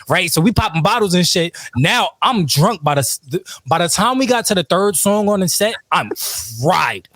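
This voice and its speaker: Guy telling wild night-out stories, laughs a lot, kinda high voice, dry close sound. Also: big pitch swings, moderate pace, hardly any pauses, fairly bright tone, no room sound. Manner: laughing, quotes friends in retold dialogue. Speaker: podcast guest telling stories. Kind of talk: casual storytelling, profane and animated.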